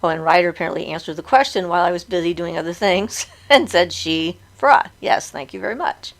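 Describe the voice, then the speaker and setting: Chatty woman with a low gravelly voice. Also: fast talker. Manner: chatty, laughs often, reads comments aloud. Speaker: host of a live chat. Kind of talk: casual live chat, reading viewer comments.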